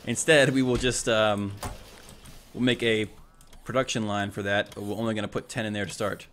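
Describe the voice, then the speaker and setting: Man, lower voice, casual let's-play commentary, thinks out loud, self-correcting, faint background noise. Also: flat delivery, normal speed. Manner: thinks aloud, self-correcting, talks to the robots.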